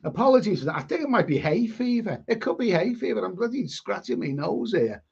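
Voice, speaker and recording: An older man with a Liverpool accent, his voice sitting fairly high, hosts a live stream and reads out viewer comments. He rambles, repeats words and swears in a blunt, casual way. The sound is dull and lo-fi. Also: sing-song, fairly quick, creaky, a little mellow, husky. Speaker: live stream host reading chat. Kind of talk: casual chat.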